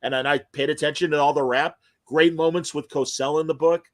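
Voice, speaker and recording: Animated male podcast host, higher voice. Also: a little fast. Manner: animated, emotional storytelling. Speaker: podcast host interviewing comic creators. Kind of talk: casual chat.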